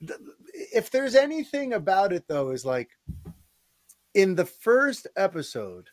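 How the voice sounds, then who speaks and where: Male podcast co-host, fairly high voice, eager and rambling, dry close sound. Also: sing-song, unhurried, a little mellow, dry recording. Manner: enthusiastic, rambling with restarts. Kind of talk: casual podcast chat.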